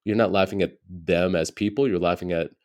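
A man's voice: low voice, steady tone, a little fast. An American man in his forties, a comedian telling candid stories in a casual interview, peppering his talk with "you know.". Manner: candid, reflective storytelling with frequent "you know". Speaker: stand-up comedian, guest.

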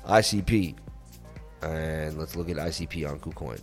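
A man hosting a crypto livestream, chatting casually and reading viewer messages in a relaxed, rambling way with lots of fillers. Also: very deep voice, moderate pace, faint music behind. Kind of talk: casual livestream chat reading super chats. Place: on vacation in Florida.

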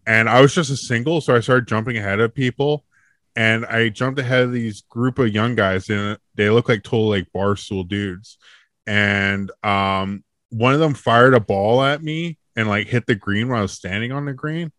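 Dude with a lowish voice, dry close sound, rambling swear-filled story. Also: male voice, normal speed, a bit bright, dry recording. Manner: profane, laughing storyteller. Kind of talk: casual chat, storytelling.

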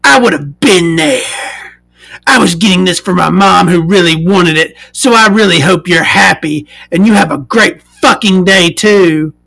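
A woman voicing an entitled, irate middle-aged woman buyer who talks in a shrill, accusing way. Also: a little slow, gravelly, fairly bright tone, exaggerated voice. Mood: outraged.

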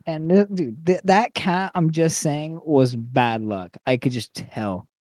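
A young man chatting casually with a friend, animated and slangy, throwing in jokes. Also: on the high side, slow pace. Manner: animated, joking interjections, slangy. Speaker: podcast co-host. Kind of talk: casual chat.

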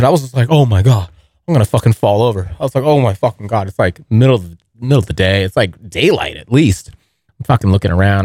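A man's voice: mid-range voice, a little mellow, no echo, clean studio sound. A young man hosting a podcast from a basement, telling a rambling story full of swearing, talking to his listeners as bros. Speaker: podcast host. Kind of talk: casual storytelling monologue. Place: basement near a furnace.

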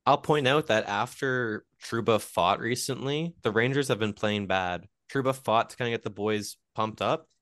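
A man's voice: fairly low pitch, moderate pace, hardly any pauses, fairly bright tone, no room sound, clean studio sound. A man co-hosting a hockey podcast, steering the casual chat and putting questions to the others. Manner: leads the discussion, asks the others questions. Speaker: podcast co-host.

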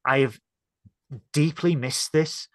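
A Northern English man with a slow, fairly high voice co-hosts a podcast review, chatting casually. He playfully acts out scenes, putting on mock voices.

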